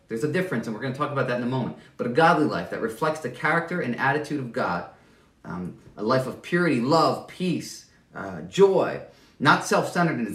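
A man's voice: medium pitch, a bit bright, roomy sound, recorded from a distance. A man preaching a sermon as pastor, conversational and self-deprecating, often restarting and stammering over his words.

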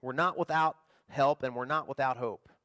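A middle-aged man preaching a sermon in a folksy, conversational way, swinging between loud emphasis and quiet storytelling. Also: mid-range voice, moderate pace, no echo. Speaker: pastor.

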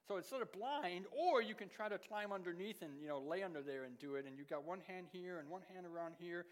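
A middle-aged man preaches in a voice pitched above the usual male range. He moves between forceful, emphatic stretches and quiet, dropped-down asides. His words ring out with a long reverb, as in a large church hall. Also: expressive, fast. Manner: shifts between loud emphatic lines and hushed, low asides. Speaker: pastor. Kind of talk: sermon.

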